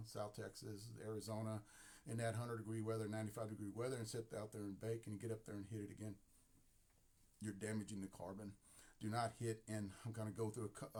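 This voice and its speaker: A man's voice: fairly low pitch, darkish tone. A man in his sixties hosting a casual live stream who rambles, talks emphatically and repeats himself. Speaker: host.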